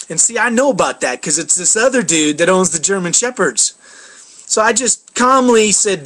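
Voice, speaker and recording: Man, casual vlog storytelling, rambling, filler words, high voice. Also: a little fast, a bit bright. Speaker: vlogger.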